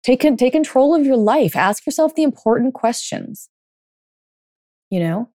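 A woman's voice: high-pitched, lively intonation, moderate pace, warm tone, dry recording, studio quality. A woman coach telling a story in a casual monologue, full of fillers, then turning blunt and emphatic, with some swearing. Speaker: dating and life coach.

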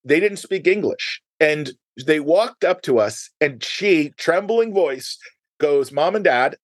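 A middle-aged man hosting a podcast, telling stories in an animated way and acting out quoted dialogue. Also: a little high, slow, no room sound. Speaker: podcast host. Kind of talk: conversational storytelling.

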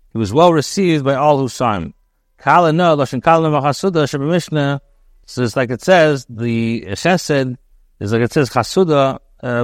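A man teaching as a rabbi, reading Hebrew verses aloud and translating each phrase into English with frequent pauses and restarts. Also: mid-range voice, no echo, clean studio sound. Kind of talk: reading and translating scripture line by line.

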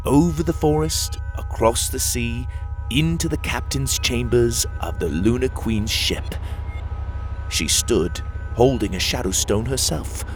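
A man narrating a children's fantasy audiobook in a measured, dramatic way. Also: fairly low pitch. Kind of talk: audiobook storytelling. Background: faint music.

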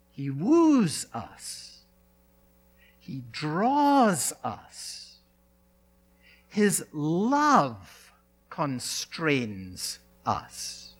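A male pastor delivering a sermon, speaking in emphatic phrases with dramatic pauses and repetition. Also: sits high.

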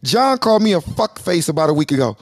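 Fast-talking, high-voiced male host. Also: very animated, a crowd in the background. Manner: rapid, interrupts with repeated "hey" and "bro". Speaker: debate show host. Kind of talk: heated live debate.

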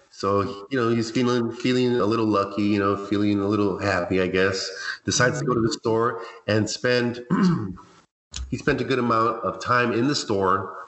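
Fields: Sex: man. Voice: low. Style: scary story telling. Room: echoey. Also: a bit bright. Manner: conversational, keeps checking in with "right?". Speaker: podcast storyteller. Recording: echoey room, faint noise.

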